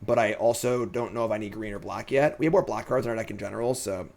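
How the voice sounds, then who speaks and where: A man's voice: lowish voice, fast talker, gravelly, darkish tone. Chatty man thinking aloud while streaming. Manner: chatty, thinks aloud, reads chat and answers it. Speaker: streamer playing a card game. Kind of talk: casual live-stream commentary.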